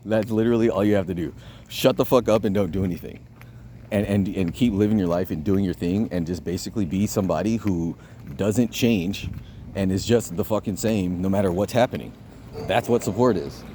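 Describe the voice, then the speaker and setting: A deep-voiced man talks a little fast and warmly to the camera, offering dating advice in a loose, rambling vlog. He swears a lot, repeats words and keeps restarting his sentences, and there's a slight hiss or hum on the audio.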